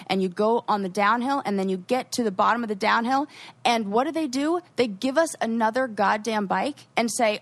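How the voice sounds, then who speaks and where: A young woman co-hosting a podcast, telling animated stories in casual chat with quoted asides. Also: on the high side, fairly quick. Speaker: podcast co-host.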